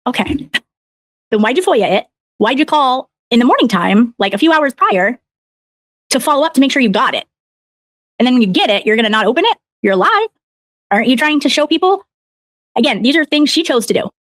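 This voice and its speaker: A woman's voice: a little high, dry recording. A woman commentator on a live stream, rambling and exasperated as she recounts events. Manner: exasperated, rambling, quotes others in mock voices. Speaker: online commentator.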